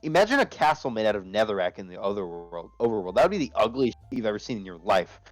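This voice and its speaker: A man's voice: lowish voice, big pitch swings, fast talker, no room sound, soft background music. A young man chatting as a guest in a casual online interview, rambling and swearing freely over a headset.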